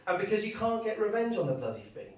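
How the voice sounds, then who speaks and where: A man's voice: high voice, big pitch swings, fast, very noisy. A middle-aged man performing a chatty stand-up set in a pub, bantering with the crowd. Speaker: stand-up comedian. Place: pub gig room. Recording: echoey pub room, distant mic.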